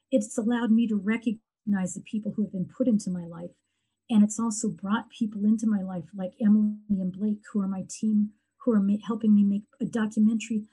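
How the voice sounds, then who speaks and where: A middle-aged woman talking earnestly and reflectively in a heartfelt conversation, often pausing and restarting. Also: medium pitch, warm tone, breathy edge, poor audio. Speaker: guest sharing her grief story.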